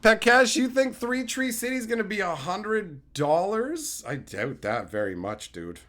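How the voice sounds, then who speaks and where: A man live-streams casually while opening card packs, joking crudely and chatting with his viewers. His voice sits high and is fairly bright, with a sing-song lilt and a slightly slow pace.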